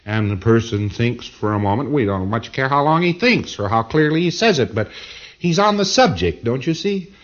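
A man of middle pitch lectures a class in a loose, rambling way, hammering his points with repeated words. His voice swoops up and down with animated emphasis. The sound is dull and muffled, like an old tape recording. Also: moderate pace. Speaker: lecturer to auditors.

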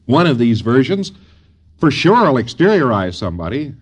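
A man giving an informal lecture to trainees, rambling and folksy, often pausing on fillers. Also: mid-range voice, sing-song, husky.

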